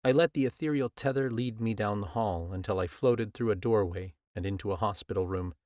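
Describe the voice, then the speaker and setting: A man with a low voice reads a first-person audiobook in a measured, earnest way. The recording is close and very dry, with no room sound at all. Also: darkish tone, dry recording. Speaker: audiobook narrator. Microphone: close studio mic.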